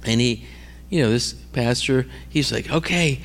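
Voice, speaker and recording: A man's voice: mid-range voice, fairly even intonation, measured pace, creaky. A man preaching conversationally, telling stories and checking in with his listeners with "all right?" and "amen?". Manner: repeats and restarts words while telling stories. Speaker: preacher teaching on healing ministry. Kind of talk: conversational sermon with storytelling.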